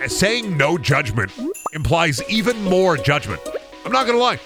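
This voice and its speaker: A male streamer with a lively voice that leaps up and down in pitch, swearing his way through rambling, mock-dramatic rants. Game music plays clearly behind him as he talks to his chat. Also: normal speed. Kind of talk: casual gameplay commentary.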